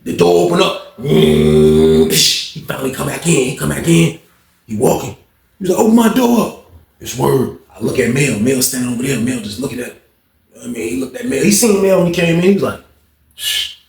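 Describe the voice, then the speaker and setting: A man's voice: mid-range voice, brisk, gravelly. A young man telling a story in a loose, slangy way, acting out what people said. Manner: animated slangy retelling, acts out quotes. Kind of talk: casual jailhouse storytime. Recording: echoey room.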